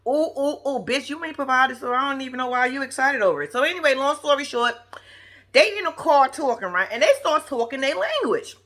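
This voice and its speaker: A woman's voice: high voice, animated, fairly quick, a bit bright. A woman giving casual, profane, gossipy commentary on a reality TV episode, laughing often as she talks. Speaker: reality TV recap vlogger.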